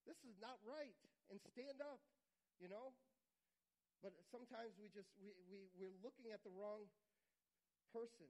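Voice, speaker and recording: A man preaching a sermon, earnest and repetitive, sometimes dropping to a quiet, intimate tone. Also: sits high, a little slow, pauses often, poor audio. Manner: earnest, repeats phrases for emphasis, drops to quiet intimate tones. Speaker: pastor.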